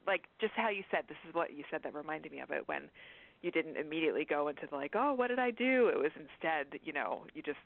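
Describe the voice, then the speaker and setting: Facilitator over a phone line, kinda gravelly, thinks out loud, little laughs. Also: mid-range voice, fast. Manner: thoughtful, searching for words, light laughs. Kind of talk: reflective spiritual discussion.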